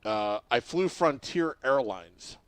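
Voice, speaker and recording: A man's voice: medium pitch, animated, slow pace, dry recording. A young man hosting a podcast in casual chat, telling stories animatedly with laughs and restarts. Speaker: podcast host.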